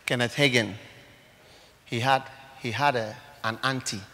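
A male pastor with a Ghanaian English accent preaching a sermon to a church congregation. He swings dramatically between hushed tones and shouts. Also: mid-range voice, fairly even intonation, unhurried. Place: church service hall.

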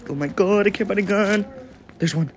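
A gaming video creator giving casual, excitable gameplay commentary, jumpy and prone to repeating panicked exclamations. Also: mid-range voice, brisk, slight background noise.

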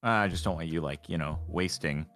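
A young man chatting casually while playing a game with friends, easily startled into rapid alarmed exclamations. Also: a bass voice, fairly bright tone, soft background music. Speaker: gamer. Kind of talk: casual gaming chat.

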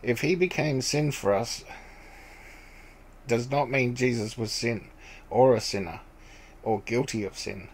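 A man giving an informal Bible teaching. He reads scripture aloud, then explains it in a rambling, halting way, with many fillers and restarts. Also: medium pitch, slightly rough, rough recording. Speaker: preacher.

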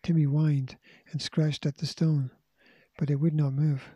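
Storybook narrator, man, steady and measured, dark breathy tone, slightly high. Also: no room sound. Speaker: audiobook reader.

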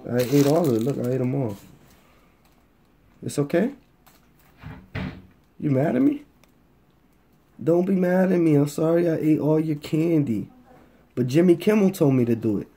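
Playful teasing young dad, mellow voice. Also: male voice, fairly high pitch, lively intonation, moderate pace, long pauses, husky. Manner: playful teasing, mock-apologetic. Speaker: father. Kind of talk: home video, rapping then chatting with his small daughter.

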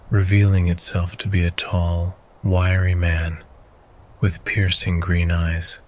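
A man narrating a sleep story in a calm, soothing way. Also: low-pitched, a little hiss or hum, rough recording. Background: faint crickets and insects.

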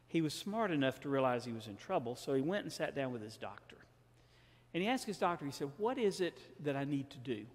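Southern pastor telling a story, church echo. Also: male voice, medium pitch, very animated, brisk. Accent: Southern American. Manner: storytelling, acts out dialogue with shifting tone. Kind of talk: sermon. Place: large church sanctuary. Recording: reverberant church hall.

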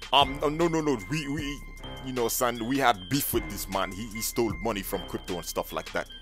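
A man's voice: mid-range voice, a little fast, music in the background. A man talking hesitantly and indignantly during a casual game roleplay.

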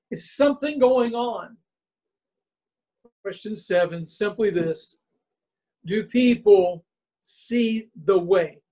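A man delivering a sermon from the pulpit, his voice pitched high and a little husky. He drives his points home with strings of repeated rhetorical questions and slows down to stress key phrases. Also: darkish tone, low-quality recording. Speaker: bishop preaching.

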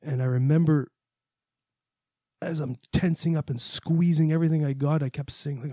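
A man's voice: on the high side, fairly even intonation, moderate pace, mellow, dry recording, clean studio sound. A man hosting a podcast, recounting a personal experience in an earnest, reflective way, with the odd curse. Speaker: podcast host. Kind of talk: personal storytelling monologue.

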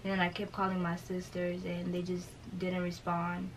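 In a roughly recorded interview with slight background noise, a young woman vlogger tells a personal story at a moderate pace. Her lowish voice is completely flat, and she quotes other people and uses a lot of fillers.

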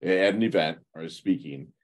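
A man hosting a podcast interview, enthusiastic and motivational, quick with effusive praise. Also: low-pitched. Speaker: podcast host.

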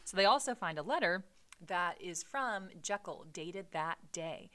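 A woman's voice: on the low side, expressive, a little slow, a bit bright. A woman teacher reading a classic novel aloud and stopping to explain it, casual and explanatory with frequent "um" and "right?".

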